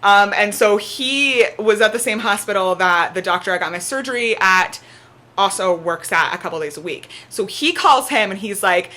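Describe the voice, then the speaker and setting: A young woman vlogging at home, telling a story in a chatty, animated way, saying "like" often, with her cat on her lap. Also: medium pitch, normal speed. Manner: chatty, peppered with "like", animated retelling. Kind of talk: casual storytelling to camera.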